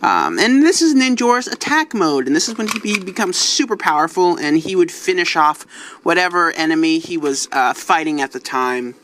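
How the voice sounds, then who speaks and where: A man's voice: a little high, big pitch swings, normal speed, fairly bright tone, slight background noise. Chatty man reviewing a toy. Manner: chatty, apologetic, many fillers. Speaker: toy reviewer, channel host.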